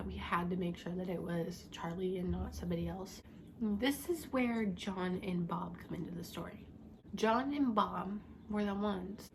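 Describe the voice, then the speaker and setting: A woman's voice: medium pitch, noisy background. A young woman telling a rambling, frustrated story from her school days in a casual chat style, full of "like" and restarts. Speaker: vlogger.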